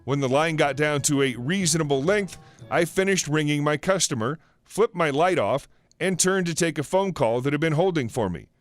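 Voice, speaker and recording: Male storyteller with a fairly high voice, steady reading pace, light music bed behind. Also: moderate pace. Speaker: narrator. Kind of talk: reading online stories aloud.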